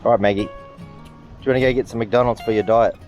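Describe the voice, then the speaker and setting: A man's voice: mid-range voice, fairly even intonation, quick pace, darkish tone, soft background music. A middle-aged Australian man rambling in casual chat to the camera and talking fondly to his dog. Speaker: farm vlogger.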